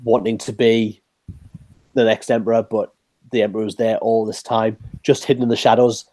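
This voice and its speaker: A man co-hosting a podcast in casual chat, excitable and quick to laugh. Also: on the low side, dry recording. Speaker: podcast co-host. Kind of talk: casual fan discussion.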